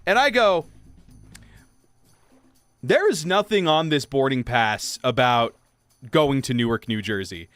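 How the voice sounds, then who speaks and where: A young man livestreaming, casually telling a story while gaming, acting out quotes in high voices. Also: lively intonation, a little slow, long pauses, a bit bright, clear, resonant tone, dry recording. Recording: faint game music behind.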